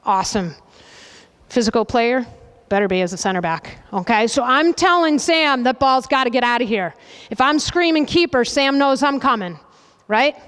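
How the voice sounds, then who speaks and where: Brisk woman coach in an echoing hall. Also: a little high, clean tone. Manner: brisk, directive, checks in with frequent "okay?"; calls out commands loudly. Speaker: soccer coach running a goalkeeping demonstration. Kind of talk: on-field coaching demonstration. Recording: reverberant hall, voice from a distance.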